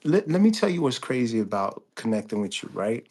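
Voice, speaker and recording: A man's voice: mid-range voice, sing-song, fairly quick, darkish tone, husky. A man in his forties from New Jersey with a New York accent, a guest musician telling stories in laid-back interview chat.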